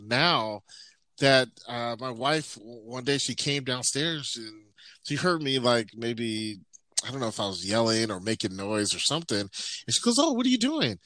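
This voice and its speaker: A man in casual chat, telling animated, laughing stories about his family. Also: no room sound. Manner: mimics others in a high voice.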